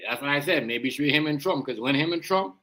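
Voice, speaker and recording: Pitched on the high side, this man's voice comes out quick, pushed and bright. He's a Jamaican-accented livestream host reacting casually, full of slang and emphasis, and he keeps looping back to "you know what I mean".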